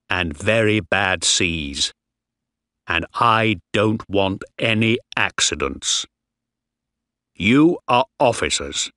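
A man voicing a strict, stern ship's captain who barks orders at his crew in a slow, dry storybook reading. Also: on the low side, sharp tone, no echo, heavily acted. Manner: barking orders.

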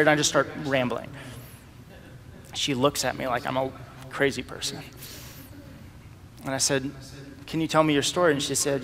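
A man sharing a personal testimony as a storytelling sermon, acting out the dialogue in a lively way. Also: mid-range voice, normal speed, pauses often, big-room sound.

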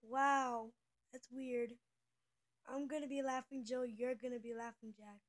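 A woman's voice: fairly high pitch, fairly even intonation, a little slow. A young female speaker who says she is twelve, chatting casually and giggling often as she hops between topics. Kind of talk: casual chat on a call.

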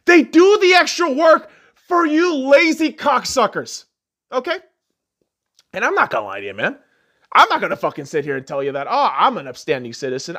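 A man hosting a podcast, delivering a profane political rant, insulting and angry, swinging between yelling and muttering. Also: very high voice. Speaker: podcast host.

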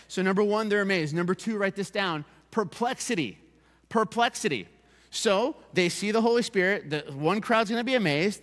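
Preaching as pastor in a church sanctuary, a man drives his sermon home emphatically, repeating key phrases for his congregation. His voice sits high with a fairly bright tone, and the sound carries a big-room quality.

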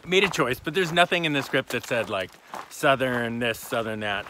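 A man in his forties, a comedian, chatting casually while hiking and telling animated stories outdoors. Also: moderate pace, a little hiss or hum. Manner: animated storyteller, jumps into high voices for quotes. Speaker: comedian guest.

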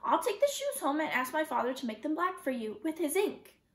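A woman voicing a lively, imaginative young girl who speaks in a playful, reassuring way. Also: sits high, brisk, pitched above the performer's own voice. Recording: roomy echo.

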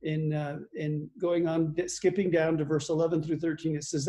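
Dark-voiced pastor teaching the Bible. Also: mid-range voice, moderate pace, few pauses. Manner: conversational, with fillers and chuckles; reads scripture aloud.

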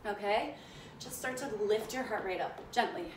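A woman's voice: mid-range voice, normal speed, slight background noise. A young woman leading a live home workout class, counting down reps and greeting viewers by name, out of breath from exercising along. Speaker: fitness instructor. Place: home room, indoors. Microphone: phone on a live stream. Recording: echoey room, mic far off.

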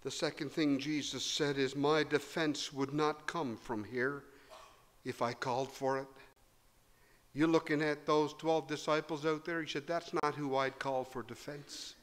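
Man, sermon, slow measured delivery, dramatic swings loud to hushed, long church reverb. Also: a little high, steady tone. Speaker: preacher. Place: church hall.

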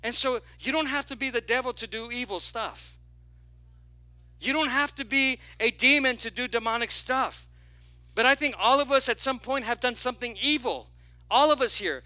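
A male pastor preaching a sermon, animated and lively, drawing call-and-response from the congregation with playful asides. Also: very high-pitched, moderate pace, no room sound. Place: church sanctuary.

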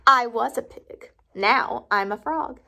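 A woman voicing a calm, playful female pig who pretends to be a frog, in a matter-of-fact, deadpan storybook manner. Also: fairly high pitch, takes it slowly, creaky, noisy background.

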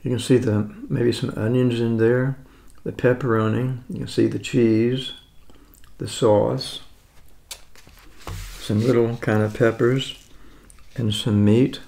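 A man's voice: medium pitch, flat delivery, slow pace, gravelly, mellow. A man in his seventies from the United States, chatting casually and rambling as he tastes food on camera. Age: 70s. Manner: rambling, chatty, self-correcting. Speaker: food vlogger. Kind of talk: casual food tasting vlog.

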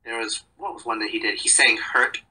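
A man's voice: mid-range voice, fairly quick, sharp tone, breathy edge, poor audio. A young man chatting as a podcast guest, rambling and joking in a self-deprecating way. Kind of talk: casual chat.

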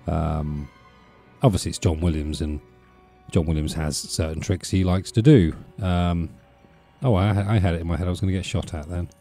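A deep, mellow-toned man talking over his gameplay with soft music underneath. He rambles along in a relaxed, chatty way, trailing off and restarting his thoughts. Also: moderate pace. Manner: rambling, chatty, self-interrupting with fillers. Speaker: let's play host. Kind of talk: casual gameplay commentary.

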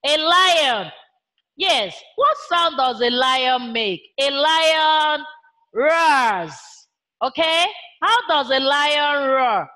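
A woman's voice: high-pitched, expressive, drawn-out words, bright, forceful tone. A woman with a Nigerian English accent teaching a primary school science lesson online, using call-and-response questions and imitating animal sounds for the children.

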